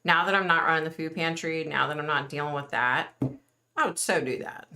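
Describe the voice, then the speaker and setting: Middle-aged woman, livestream host, earnest and chatty, lowish pitch with a bright tone. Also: fairly even intonation, fairly quick. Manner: chatty, earnest, reads and answers viewer comments. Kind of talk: casual livestream chat with viewers.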